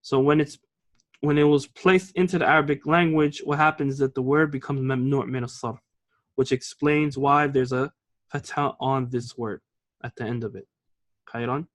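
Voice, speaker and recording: A man's voice: medium pitch, steady tone. A man teaching an Arabic grammar lesson, explaining patiently and often checking with the class. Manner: reads example lines slowly and clearly.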